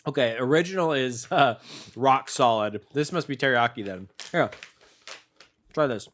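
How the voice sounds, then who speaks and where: A man's voice: medium pitch, normal speed, fairly bright tone. A young man co-hosting a snack-tasting podcast, chatting casually and joking around with frequent laughs. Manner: playful, jokey, laughs often. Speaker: podcast co-host.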